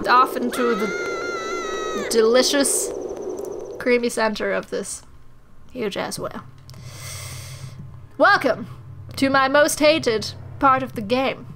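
Giggly high-voiced woman gaming host. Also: low-quality recording. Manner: giggly, crude and playful joking. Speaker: gameplay host. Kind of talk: casual let's-play commentary. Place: small home recording room.

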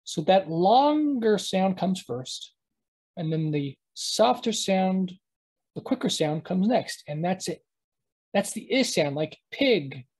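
Slow, halting online language teacher. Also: mid-range voice, a little mellow, poor audio. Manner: halting, self-correcting, thinks aloud. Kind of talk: live online lesson.

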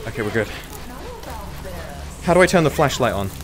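A man's voice: medium pitch, animated, fairly quick, slight background noise. A man giving live gameplay commentary as a streamer, swearing often and breaking into panicky outbursts.

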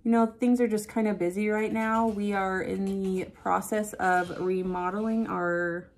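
A woman's voice: mid-range voice, steady tone, measured pace. A woman in her thirties chatting casually to her viewers while doing her makeup at home, telling a story and laughing easily. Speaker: beauty vlogger.

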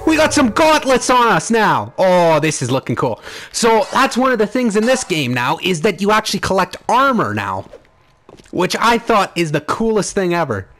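Young male gaming host, excitable, sweary, lively pitch, music under. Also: moderate pace. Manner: excitable, swears, frantic exclamations. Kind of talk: let's play commentary.

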